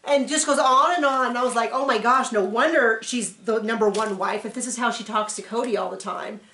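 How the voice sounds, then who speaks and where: Woman, sarcastic TV recapper, a little high-pitched, in a roomy space. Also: fairly quick, sharp tone. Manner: chatty and sarcastic, with playful asides. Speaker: TV recap reviewer. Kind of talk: casual reaction recap. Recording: roomy echo.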